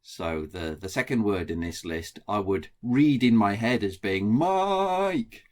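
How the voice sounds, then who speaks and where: A man's voice: low-pitched, a little slow. A middle-aged man with a Black Country accent, explaining his research in a plain lecture with frequent ums and restarts. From England. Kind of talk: recorded lecture.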